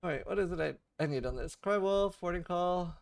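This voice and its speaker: Guy streaming a game, casual and sweary, smooth clear voice a bit high, dry sound. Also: moderate pace, dry recording. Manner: swears and stammers, mutters to himself. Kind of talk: casual livestream chat while gaming.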